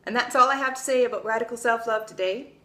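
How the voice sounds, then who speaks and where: A woman's voice: on the high side, fast talker, fairly bright tone. A young adult woman vlogging in a casual, blunt way, swearing freely and telling stories with energy. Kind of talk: casual opinion vlog.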